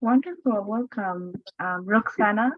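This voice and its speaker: A woman's voice: mid-range voice, unhurried, no room sound. A woman moderating an online meeting, welcoming people and calling on them one by one. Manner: brief welcoming replies, calling names. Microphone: video call. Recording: dry, phone-like call audio.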